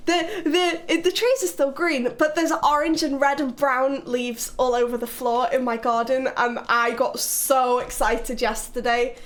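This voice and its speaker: A chatty young woman from Britain talks casually to her live-stream audience, giggling as she goes. Her voice sits high. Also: steady tone, unhurried, hardly any pauses. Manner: chatty, giggly, reading chat aloud.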